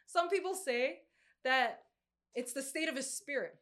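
A woman preaching a casual, animated sermon, slangy and quick to laugh. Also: sits high.

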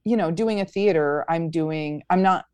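Upbeat woman comedian, slightly low voice. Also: normal speed, darkish tone, clear, resonant tone, no room sound. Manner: upbeat, many fillers and restarts. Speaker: stand-up comedian guest. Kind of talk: casual interview chat.

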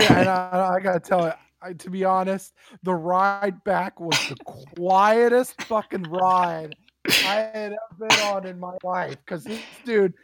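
A man telling profane, animated stories in a casual podcast chat. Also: high voice, dry recording.

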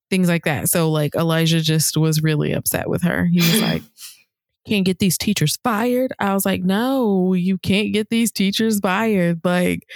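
A woman in her thirties co-hosting a podcast, telling a story casually and acting out the people she quotes in higher voices. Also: darkish tone, no room sound, clean studio sound. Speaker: podcast co-host.

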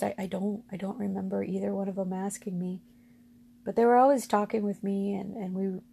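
A woman's voice: mid-range voice, creaky, darkish tone, a little hiss or hum. A middle-aged woman candidly recounting childhood memories in a rambling, casual way. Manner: candid, rambling with restarts and fillers. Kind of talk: personal storytelling.

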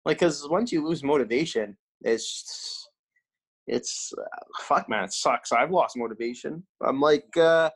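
A man's voice: fairly high pitch, unhurried, husky. Blunt, swearing man in casual chat. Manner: blunt, swears constantly, animated. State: sore from a workout.

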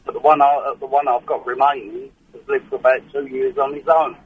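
A man calling in to a radio show over the telephone, cheeky and deadpan. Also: mid-range voice, brisk, slightly rough. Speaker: caller. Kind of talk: phone-in call. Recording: narrow phone line.

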